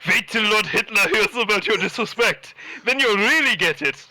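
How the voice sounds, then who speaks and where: A man voicing a harsh male German soldier guard in a put-on thick German accent, shouting gruff orders in a mock dramatic reading. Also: high-pitched, lively intonation, normal speed, dry recording, voice pushed up, full character voice, low-quality recording. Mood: barking. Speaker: fanfic reader voicing a character.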